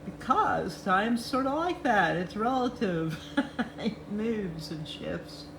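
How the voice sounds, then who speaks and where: With a medium-pitched, creaky voice and lively intonation, an older woman takes her time hosting a chart update show amid background noise. She chats cheerfully about the charts in a casual way and talks sweetly to her cats.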